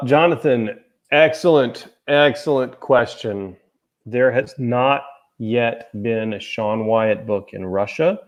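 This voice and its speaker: Male livestream host, mid-pitched, rambling and jokey, easily sidetracked. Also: darkish tone, dull audio. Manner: rambling, easily distracted, joking. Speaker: host and author. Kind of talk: casual livestream chat. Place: outdoors near a golf course.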